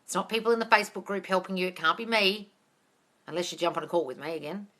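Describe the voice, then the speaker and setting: A manifestation coach answers live questions on a casual stream, talking into a phone or webcam. She reads viewers' comments aloud and replies bluntly at a quick pace, calling everyone darling and sprinkling in swear words. Her voice is bright and crisp, on the low side.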